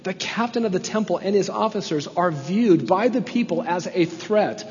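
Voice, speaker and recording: A man preaching verse by verse, his voice raised a little higher than most men's. He swings from quiet explanation to loud, emphatic passages. The sound is slightly dull and rings with a long hall reverb. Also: lively intonation, moderate pace. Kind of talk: expository sermon.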